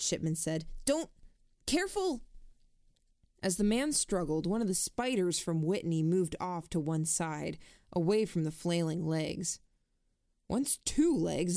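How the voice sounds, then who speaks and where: A woman narrating a first-person story in a measured, introspective way. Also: deep voice, warm tone, no echo, clean studio sound. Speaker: audiobook narrator.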